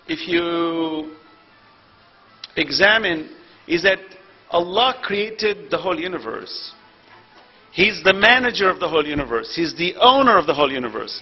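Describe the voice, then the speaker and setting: A man preaching a sermon to a congregation in an earnest, rhetorical way, building to loud emphasis. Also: high-pitched, rough recording.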